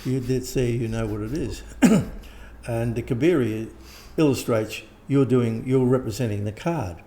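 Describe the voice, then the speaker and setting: An older man, talking casually and rambling as an interviewed teacher, often clearing his throat. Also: medium pitch, a little slow, warm tone. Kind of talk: casual conversation.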